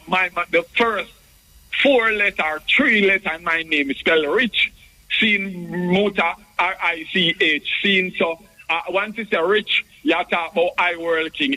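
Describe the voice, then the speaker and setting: High, bright-voiced Jamaican radio caller. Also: male voice, a little slow, low-quality recording. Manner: rambling, repetitive, stumbling restarts. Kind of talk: rambling phone-in chat in patois.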